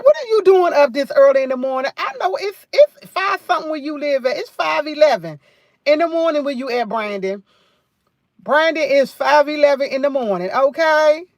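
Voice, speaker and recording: This high-pitched woman from New York is livestreaming, and the recording is clean studio sound with no room noise. As a livestream host in casual live chat, she's chatty, repeats phrases, and tells rambling stories.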